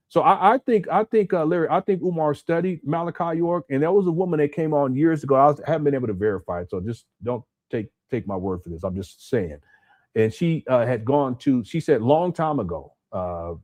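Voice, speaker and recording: A man hosts a casual live stream from his room at home. His pitch sits in the middle, and he rambles, stumbles, and repeats words as he talks to his viewers. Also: animated, a little fast, darkish tone. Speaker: commentary channel host.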